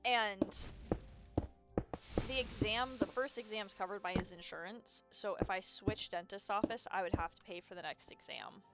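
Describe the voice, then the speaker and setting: A woman's voice: mid-range voice, moderate pace. A woman streamer chatting casually, ranting in an exasperated way and swearing freely. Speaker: live streamer. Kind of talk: casual venting chat. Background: loud music.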